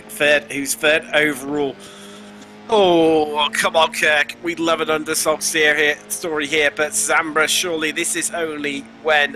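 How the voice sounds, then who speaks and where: A man with a West Country accent commentating on an online race, jokey and excitable, often stumbling over words and correcting himself. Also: on the high side. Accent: West Country English. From England. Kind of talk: sim racing commentary.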